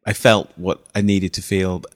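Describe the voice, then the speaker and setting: A man's voice: deep voice, little pitch movement, unhurried, no echo. A man co-hosting a film podcast, talking through a review in a thoughtful, hesitant way with fillers. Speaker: podcast co-host. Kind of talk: casual film review chat.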